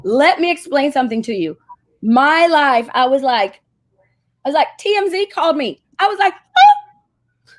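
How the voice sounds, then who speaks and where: Speaking at normal speed in a high-pitched voice, a woman who runs a marketing agency tells an animated story as a casual interview guest, performing the voices of the people she quotes.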